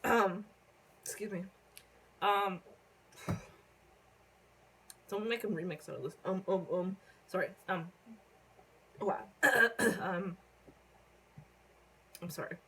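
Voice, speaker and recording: A young woman from Canada telling a casual story on her phone vlog, rambling with lots of fillers and casual swearing while she hiccups and keeps clearing her throat. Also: mid-range voice, takes it slowly, long pauses, pushed and bright, poor audio. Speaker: vlogger.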